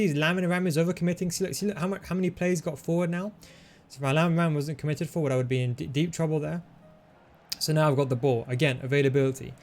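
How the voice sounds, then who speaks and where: A man hosting a gaming tutorial, talking through his moves in a relaxed, coaching way as he plays. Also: on the high side. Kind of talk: commentary over gameplay.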